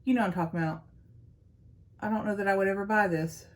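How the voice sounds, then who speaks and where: A woman's voice: mid-range voice, fairly even intonation, quick pace. A young woman chatting playfully through a makeup tutorial as a beauty vlogger. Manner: playful, self-teasing, talks to viewers as y'all.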